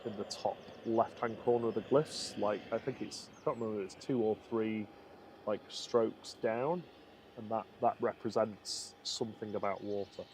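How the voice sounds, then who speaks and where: A man's voice: fairly low pitch, fairly even intonation, moderate pace, darkish tone, slight background noise. A man co-hosting a live stream in casual commentary, chatty and laughing often as he greets viewers.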